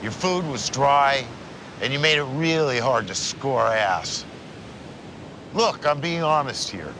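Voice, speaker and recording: A man's voice: mid-range voice, expressive. A crude, blunt older father. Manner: crude, blunt, slow and drawling. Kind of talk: film dialogue. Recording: film clip with background noise.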